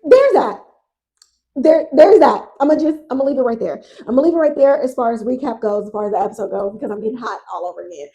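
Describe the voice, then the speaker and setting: A woman hosts a casual podcast recapping TV, speaking fast in a slightly high voice over poor audio. She's animated and exasperated, swears freely and addresses listeners as "y'all."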